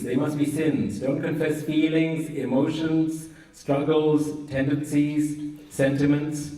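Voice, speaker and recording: A priest giving a humorous sermon, teasing with rhetorical questions. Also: male voice, fairly high pitch, little pitch movement, takes it slowly, dark tone, distant mic. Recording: roomy echo, voice from afar.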